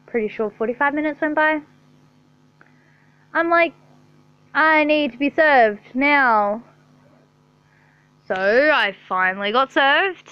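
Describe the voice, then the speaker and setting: A woman's voice: high voice, bright, forceful tone, clear, resonant tone, no room sound. A young woman vlogger telling a casual storytime, chatty and exasperated, swearing freely. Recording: slightly dull lo-fi sound.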